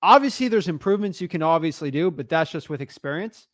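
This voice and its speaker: A man's voice: a little high, lively intonation, fast, a bit bright, no room sound, studio quality. A man coaching a newcomer on a call, blunt and frank, calling him man and dude. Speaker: real estate wholesaling coach.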